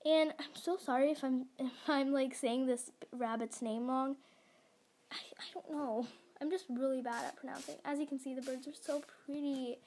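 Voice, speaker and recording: A woman's voice: high-pitched, fairly even intonation, moderate pace, a little mellow, a little hiss or hum. A young woman giving casual, giggly gameplay commentary, gushing and stumbling over words. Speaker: gaming vlogger.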